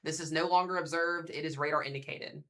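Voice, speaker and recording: Bright-voiced young man covering live storms. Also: fairly high pitch, steady tone, fast talker. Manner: casual, thinks aloud while reading radar, addresses viewers as guys. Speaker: severe weather livestream host. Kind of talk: live weather coverage commentary.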